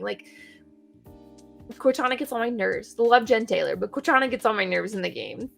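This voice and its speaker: Young woman, casual chat, giggly and rambling, gravelly fry, video call mic. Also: a little high, expressive, a little fast, fairly bright tone, faint music behind. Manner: bubbly, giggly, rambling storyteller. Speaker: guest streamer and cosplayer.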